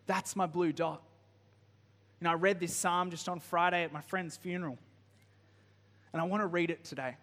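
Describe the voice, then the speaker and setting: A man preaching a sermon, moving between hushed, slow reading and rising, impassioned pleading. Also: sits high, big-room sound. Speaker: pastor. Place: church.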